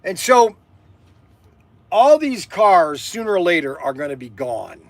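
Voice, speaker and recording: A middle-aged man hosting a livestream from his toy shop, chatting casually in a loud voice that keeps repeating itself and is full of "okay"s. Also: sits high, sing-song, a little slow, no room sound. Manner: loud, repetitive, peppers talk with "okay".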